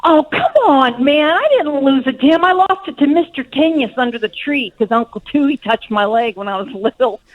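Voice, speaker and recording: Female radio caller, slightly high, crude rambling comic storyteller, dry mic. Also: moderate pace, few pauses, no echo, phone-quality sound. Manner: crude, rambling and self-deprecating. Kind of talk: comedic radio call-in.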